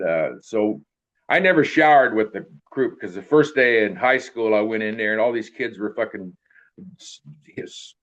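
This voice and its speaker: An older man telling a rambling, folksy story from his past, full of fillers and tags like "you know what I mean". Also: fairly low pitch. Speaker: interviewee telling life story. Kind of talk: casual storytelling. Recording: dull lo-fi recording.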